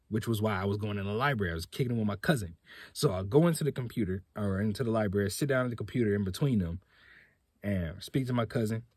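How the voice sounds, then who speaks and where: A man's voice: on the low side, breathy edge, dry recording, clean studio sound. A young man hosting a podcast, telling a personal story in a laid-back, slangy way. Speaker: podcast host. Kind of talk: casual storytelling.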